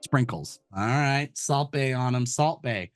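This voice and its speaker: A man co-hosting a casual sports betting podcast, joking loudly and swearing freely. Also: medium pitch, unhurried, soft background music. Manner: loud, jokey, swears a lot. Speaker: podcast co-host.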